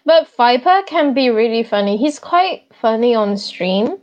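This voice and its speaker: A woman co-hosting an esports chat talks with excited, gushing energy. Her voice sits fairly high. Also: unhurried, highs cut off. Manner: excited, gushing fan talk. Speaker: co-host. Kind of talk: casual chat.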